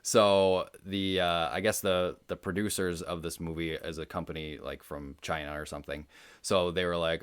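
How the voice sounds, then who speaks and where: A man with a very deep, low voice talks casually, as if chatting with friends about a movie. He rambles a little and leans on fillers like "um" and "you know.". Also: normal speed, smooth. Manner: relaxed, rambling, many fillers. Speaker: podcast co-host.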